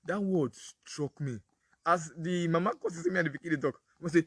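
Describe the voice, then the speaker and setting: A man's voice: a little high, moderate pace, husky, no room sound. A man with a Nigerian accent, telling a story in a casual Pidgin sermon talk and acting out the dialogue. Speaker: apostle speaking on parenting.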